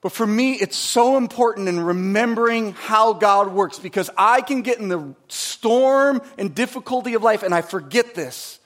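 This male pastor's voice sits unusually high for a man. Preaching at a moderate pace with hardly any pauses, he shifts from calm instruction to fervent emphasis and frequently asks the congregation rhetorical questions.

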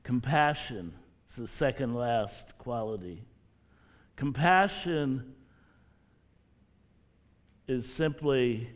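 A man preaching a sermon as a pastor, earnest and deliberate, with drawn-out pauses, speaking to his listeners as brothers and sisters. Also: medium pitch.

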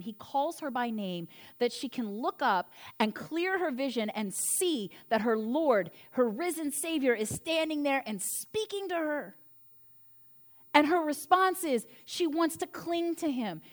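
A woman with a bright, high voice delivers a sermon. She retells the story in an animated, conversational way and slips in casual jokes along the way. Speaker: preacher.

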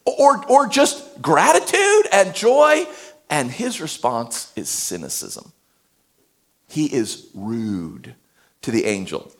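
A male pastor giving a sermon, animated, swinging between loud emphasis and hushed tones. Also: on the high side, slow pace.

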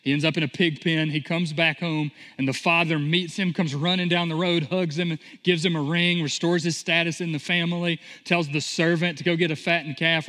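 Pastor guy in his 30s preaching, kinda high voice, lots of hall echo, acts out the story voices. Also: moderate pace, hardly any pauses. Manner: animated storytelling, acting out voices in quotes. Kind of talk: sermon. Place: church sanctuary. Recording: long hall reverb.

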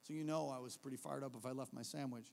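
A man preaching a storytelling sermon at a church service, animated, swinging from hushed narration to shouting. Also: medium pitch, fast talker, gravelly, in a large hall. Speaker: pastor.

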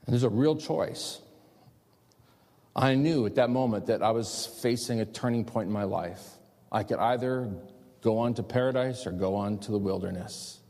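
A man's voice: mid-range voice, moderate pace, dark tone. A male pastor preaching a sermon, emphatic and repetitive with rising outbursts. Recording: long reverb of a large hall.

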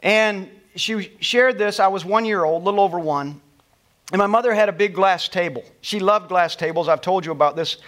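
A middle-aged male preacher with a somewhat high voice tells a personal story to his congregation. His delivery is emotional and storytelling, rising with feeling and then falling soft and hushed at the tender parts. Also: normal speed. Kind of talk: sermon storytelling.

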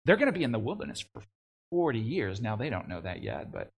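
A young adult man preaching a sermon, animated, with frequent restarts and conversational asides. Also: on the low side, fast, a little hiss or hum. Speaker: pastor.

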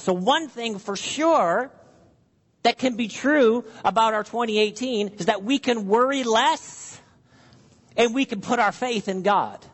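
A man's voice: very high-pitched, unhurried, long reverb tail. A man preaching an earnest sermon, acting out worried questions and prayers to his listeners. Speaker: pastor.

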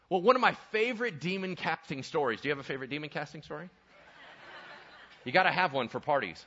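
Animated, bright-voiced male pastor preaching. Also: medium pitch, lo-fi sound. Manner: animated, humorous storytelling, shifts to quiet intensity. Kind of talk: sermon. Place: church sanctuary.

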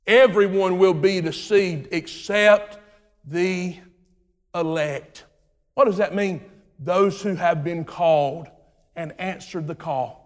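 High-pitched man preaching in a reverberant hall. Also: takes it slowly. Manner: rhythmic preaching, swinging from shouts to low hushed lines. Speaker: pastor. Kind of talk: sermon.

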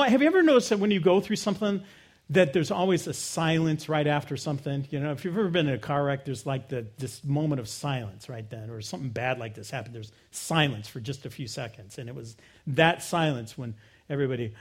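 A middle-aged man preaching a sermon, telling a personal story and swinging from loud emphasis to quiet, low asides. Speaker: pastor.

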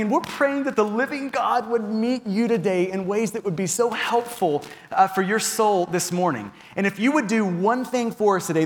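A man in his thirties preaching a sermon in a church, earnest and given to repeating words as he starts a phrase. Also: high-pitched. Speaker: pastor. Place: church sanctuary. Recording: long hall reverb.

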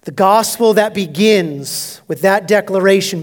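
A male pastor preaching an expository sermon, emphatic, swinging between loud declarations and hushed, near-whispered asides. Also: sits high, measured pace, hardly any pauses.

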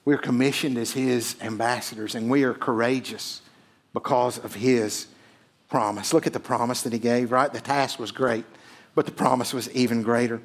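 A male pastor preaching a sermon, emphatic, swelling loud and then dropping almost to a hush, often checking in with "right?". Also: mid-range voice, steady tone, moderate pace.

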